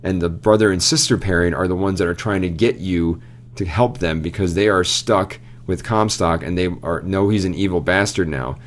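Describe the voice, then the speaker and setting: Very low-voiced man retelling a game ending. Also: moderate pace. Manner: animated retelling, quotes game characters. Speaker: podcast co-host. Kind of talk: casual chat.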